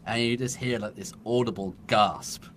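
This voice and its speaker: In a fairly low voice with a rather bright tone, an English man in his thirties tells a long story as a podcast guest, laughing as he goes. He talks at normal speed in a casual chat, and there's slight hiss or hum.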